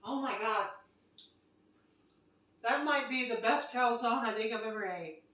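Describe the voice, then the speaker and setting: A woman's voice: a little high, a little slow, a bit bright. A woman in a home kitchen tasting her own food in a casual cooking vlog, effusive and emotional about how good it turned out. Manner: gushing and effusive while tasting. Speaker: cooking vlogger. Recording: roomy echo, mic at a distance.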